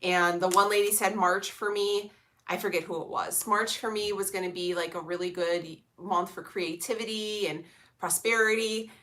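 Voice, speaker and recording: A woman's voice: medium pitch, fairly even intonation, normal speed, bright, forceful tone. A young woman chatting casually with her live-stream viewers, sassy and blunt, full of slang and swearing. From Illinois, USA. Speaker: vlogger reading live chat.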